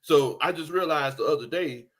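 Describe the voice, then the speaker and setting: A man hosting a casual sports talk show, laid-back and animated, repeating his catchphrases as he greets listeners. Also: a little high, moderate pace, crowd noise.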